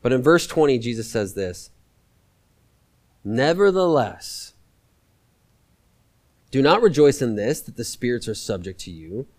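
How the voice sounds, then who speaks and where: A man preaching a sermon as a guest preacher, talking in a conversational, animated way and repeating lines for emphasis. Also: medium pitch, unhurried, long pauses.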